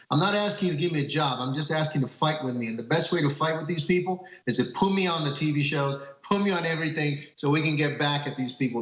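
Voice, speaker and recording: A man's voice: on the high side, a bit bright, echoey room, low-quality recording. A man, a guest on a talk show, speaking earnestly and stumbling over repeated words. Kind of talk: phone-in interview.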